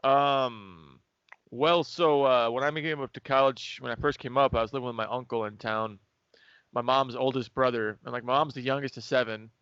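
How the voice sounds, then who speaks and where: A young man with a smooth, clear voice chats in a relaxed, jokey way, full of fillers. His sound is dry and close. The recording has a dull, lo-fi tone. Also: mid-range voice, normal speed, dry recording. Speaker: podcast co-host. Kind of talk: casual chat.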